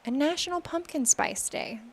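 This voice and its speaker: A woman co-hosting a casual morning show, trading quick, playful quips. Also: high-pitched, lively intonation, vocal fry.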